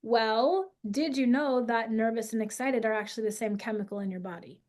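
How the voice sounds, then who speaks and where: A woman in her forties with a slightly high voice, talking as a podcast guest. She speaks in an energetic, emphatic way, as if coaching parents. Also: brisk. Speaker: guest, school founder. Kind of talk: podcast conversation.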